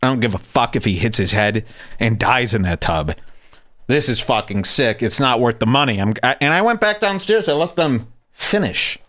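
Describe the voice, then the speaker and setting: A man's voice: medium pitch, moderate pace, no room sound, studio quality. A man hosting a podcast, telling stories in a casual, profane and jokey way. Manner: animated, profane, jokey storyteller. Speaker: podcast host. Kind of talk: casual storytelling chat.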